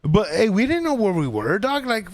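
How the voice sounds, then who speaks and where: A man tells a rambling, casual story as a podcast guest, cursing heavily and animatedly quoting what others said. His voice sits high at normal speed, with a crowd audible in the background.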